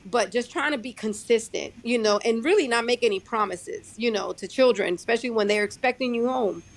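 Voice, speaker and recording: A young adult woman who drives her own truck, talking casually in a podcast interview, halting and restarting her sentences often. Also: fairly high pitch, gravelly. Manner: halting, many restarts and fillers. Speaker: guest, owner-operator truck driver.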